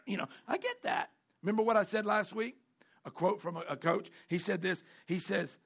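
A male pastor preaching a sermon, animated, jumping between a loud delivery and mimicked whining voices. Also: moderate pace, gravelly, slightly rough. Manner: animated preaching with dramatic pitch swings and mimicked complaining voices.

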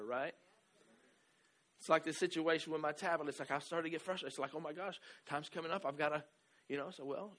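Man preaching with swinging intensity. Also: on the high side. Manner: swings between quiet asides and loud emphatic preaching; conversational, peppered with "right?" and "amen". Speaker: pastor. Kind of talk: sermon.

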